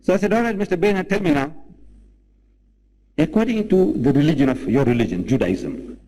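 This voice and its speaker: A man giving a lecture, telling a personal anecdote in a quick, lively storytelling manner. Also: on the high side, a little hiss or hum, rough recording. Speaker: Islamic lecturer.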